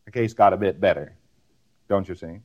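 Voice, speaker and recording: A man's voice: low-pitched, moderate pace, highs cut off. A man giving a recorded lecture, rambling and repeating words in rhythmic runs, often ending on a tag question.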